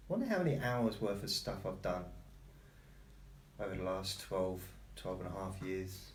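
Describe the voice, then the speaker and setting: A man's voice: deep voice, moderate pace, roomy sound, slight background noise. Rambling man streaming from home. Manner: rambling, chatting to his cat. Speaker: vlogger. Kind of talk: casual live-stream chat.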